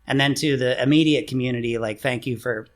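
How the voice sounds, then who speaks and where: A middle-aged man who co-owns a music venue is a guest in a casual interview, speaking in a mid-range voice. He's relaxed and halting, full of fillers, but grows animated telling anecdotes, in a room by an open window on a busy street.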